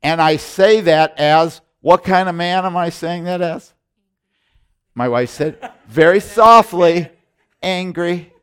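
A man's voice: fairly high pitch, slow pace, clear, resonant tone. A middle-aged man preaching a sermon as a pastor, intense and emphatic, with frequent repetitions and restarts.

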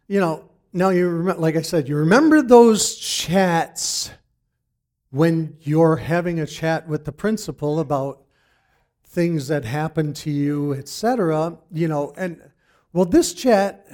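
A middle-aged man giving a personal faith testimony in an earnest, halting way, often restarting his sentences. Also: a little high, a little mellow. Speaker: church member giving testimony.

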